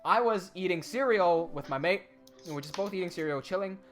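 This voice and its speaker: A young man telling a story in casual chat, animated, with quick asides and swearing. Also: high voice, faint music behind.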